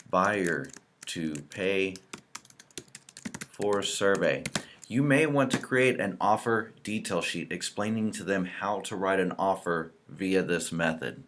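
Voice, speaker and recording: Male trainer, deep voice, easygoing tutorial delivery at a desk mic. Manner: relaxed, explanatory, types out example entries as he talks. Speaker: real estate software trainer. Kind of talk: screen-recorded software tutorial.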